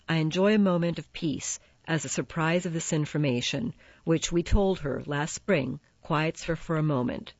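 A woman's voice: sits low, moderate pace, a little mellow, no room sound, dull audio. A woman narrating a first-person novel in a wry, matter-of-fact way. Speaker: audiobook narrator.

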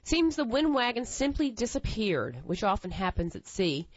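A woman reads a tall tale aloud in a fairly high voice. Her delivery lilts with lively rises and falls. The recording sounds dry and a little dull. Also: moderate pace, dry recording. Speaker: storyteller.

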